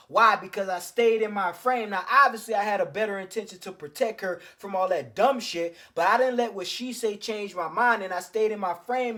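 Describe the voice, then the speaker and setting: Male host, high-ish voice, blunt and slangy, casual dating-advice monologue. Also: a bit bright. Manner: blunt, slangy, profane, addresses listeners as fellas.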